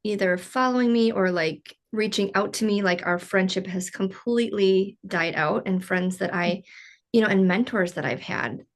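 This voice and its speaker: A woman's voice: mid-range voice, normal speed. A woman hosting a casual podcast interview, talking earnestly with lots of "like" and "you know". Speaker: podcast host.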